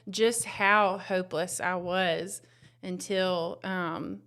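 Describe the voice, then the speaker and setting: A young woman, telling her story as a new mother in a soft, tender, rambling way. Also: on the low side, fairly even intonation, slow pace. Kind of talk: casual personal testimony.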